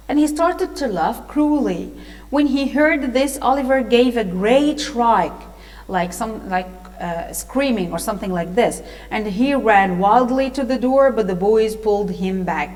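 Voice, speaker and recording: Slow, patient Egyptian woman teacher. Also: a little high, animated, a little mellow, in a large hall, rough recording. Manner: patient, explanatory, with hesitations. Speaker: English teacher. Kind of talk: reading a storybook and explaining vocabulary.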